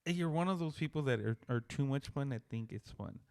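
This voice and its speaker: A man's voice: medium pitch, lively intonation, a little fast, creaky, darkish tone, no room sound. A man co-hosting a podcast, chatting casually, teasing his co-host and laughing between loose remarks. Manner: teasing, lots of "like" fillers, laughs. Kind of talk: casual chat.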